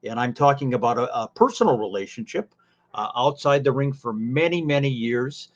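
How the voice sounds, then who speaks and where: A man swapping old stories on a podcast, taking his time and padding his lines with fillers and folksy asides. His voice sits at a middling pitch. The audio comes through a little dull and lo-fi. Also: expressive. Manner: unhurried storyteller with many fillers and folksy asides. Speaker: podcast co-host, former ring announcer. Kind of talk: casual podcast chat.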